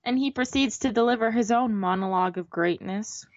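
A woman's voice: fairly high pitch, brisk, dull audio. A woman co-hosting a casual podcast, chiming in with short agreements and jokes. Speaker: podcast co-host. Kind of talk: casual chat.

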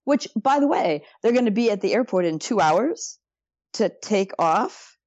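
A woman's voice: medium pitch, expressive, unhurried, darkish tone, no room sound, dull audio. A woman co-hosting a podcast, chatting casually and adding trivia asides. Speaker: podcast co-host.

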